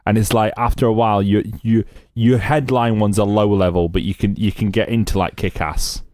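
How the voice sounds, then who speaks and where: A man's voice: on the low side, steady tone, a little fast, darkish tone, no echo, clean studio sound. A man co-hosting a podcast, chatting casually with jokes and puns. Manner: jokey, punning, teasing. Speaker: podcast co-host. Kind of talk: casual chat.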